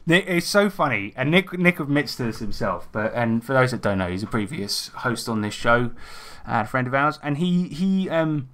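A man co-hosting a tabletop gaming podcast in casual chat, animated and swearing freely. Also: mid-range voice, normal speed, few pauses. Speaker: podcast co-host.

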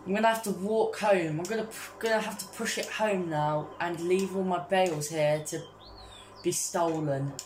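A woman giving casual gameplay commentary as a vlogger, excitable and constantly calling out to her viewers. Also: fairly low pitch, normal speed, reverberant, slight background noise, low-quality recording. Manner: excitable, keeps addressing viewers as guys. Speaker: gaming vlogger.

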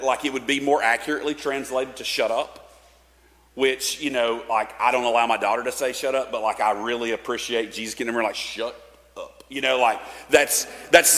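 Long church reverb fills this recording of a pastor in his sanctuary, whose mid-range voice is a bit bright. His sermon comes across conversational and relaxed, peppered with filler words and restarted sentences.

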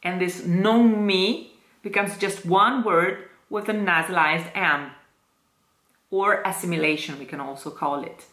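A woman with an Italian accent teaching Italian diction to singers, modelling each word slowly and repeating it with care. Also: fairly low pitch, a bit bright, reverberant. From Italy. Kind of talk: slow, careful diction lesson.

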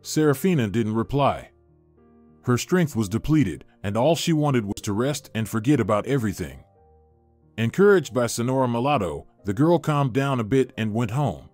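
A man narrating a dramatic family story in an even, measured storytelling manner. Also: mid-range voice. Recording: dry voice with faint music.

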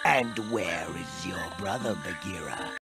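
A man voicing a stately python with a formal, measured manner. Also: low voice, expressive. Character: stately, dry-humored python. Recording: cartoon clip over music.

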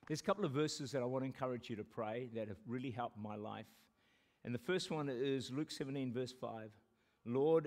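A man with a New Zealand accent preaching a sermon to a congregation, animated, joking and laughing between points, and slowing right down to pray. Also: medium pitch. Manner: pleading slowly when quoting prayers. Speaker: pastor. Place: church service with a congregation.

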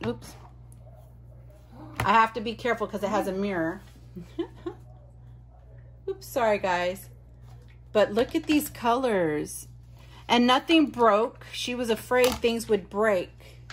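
A woman's voice: a little high, expressive, slow pace, long pauses, a little hiss or hum. A woman vlogger chatting casually as she unboxes mail, gushing and exclaiming often. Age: adult.

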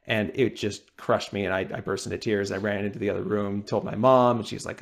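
A podcast co-host chatting casually, telling personal stories in an earnest, plain way with some fillers. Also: male voice, fairly low pitch, steady tone, fairly quick, vocal fry, hardly any pauses.

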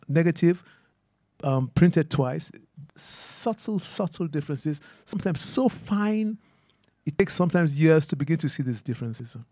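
A man's voice: on the high side, darkish tone, no room sound, clean studio sound. A man speaking as a photographer in an artist talk, musing aloud and often ending his phrases with a questioning "huh?". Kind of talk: reflective conversational talk. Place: garden event.

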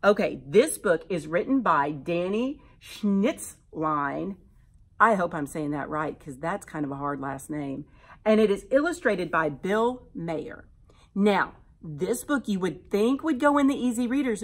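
Woman teacher, expressive picture-book reader, low husky voice. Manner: animated, expressive storyteller. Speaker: teacher reading to children. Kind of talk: reading a rhyming picture book aloud.

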